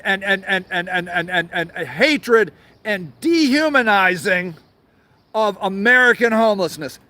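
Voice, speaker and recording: Recorded dry, this high-pitched man sounds pushed and bright as he hosts his show outdoors in a garden. He rants with anger and sarcasm, cursing constantly and saying the same things over and over.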